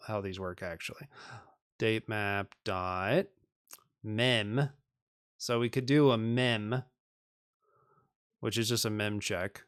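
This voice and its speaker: A man's voice: medium pitch, fairly bright tone, clean tone. A man on a live stream working through programming exercises, reading them aloud and joking with viewers in a self-deprecating way.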